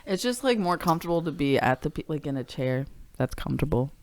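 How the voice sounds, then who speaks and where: A woman's voice: sits low, very animated, fast talker, darkish tone, no room sound. An American woman co-hosting a podcast, chatting casually, laid-back and giggly, swearing freely. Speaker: podcast co-host. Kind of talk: casual chat.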